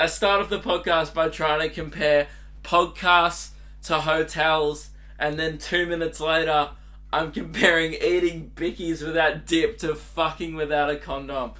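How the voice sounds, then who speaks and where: Giggly man with a bright voice. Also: a little high. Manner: rambling, giggly, crude jokes. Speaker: podcast host. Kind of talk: casual solo podcast monologue.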